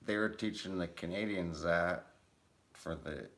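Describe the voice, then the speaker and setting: A man's voice: low-pitched, measured pace, a bit bright. A man who is a guest, chatting in a laid-back, agreeable way. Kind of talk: casual chat.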